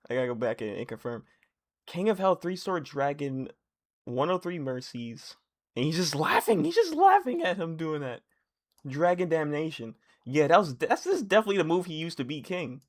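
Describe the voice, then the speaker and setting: A young man on a live stream reacting as he reads. He swings from low muttering to loud, surprised outbursts and often repeats phrases. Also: sing-song, measured pace.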